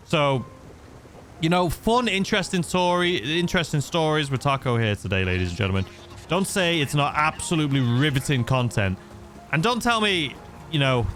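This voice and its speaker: Rambling man, bright lively voice. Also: fairly high pitch. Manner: rambling, self-mocking, quickly frustrated. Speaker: gaming YouTuber. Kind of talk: casual gameplay commentary.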